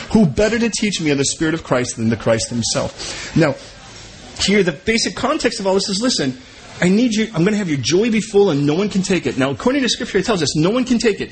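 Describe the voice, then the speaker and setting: Pastor, male, high voice, casual preaching style, repeats himself, faint hiss behind. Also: rough recording. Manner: conversational, repeats words, restarts. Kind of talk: sermon.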